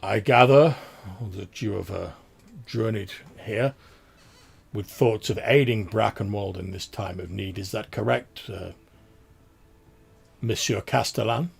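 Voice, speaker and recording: A man voicing a regal duke of about sixty with a low, sonorous voice. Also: measured pace, creaky, pauses often, husky, exaggerated voice. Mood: formal. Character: regal older male duke, commanding.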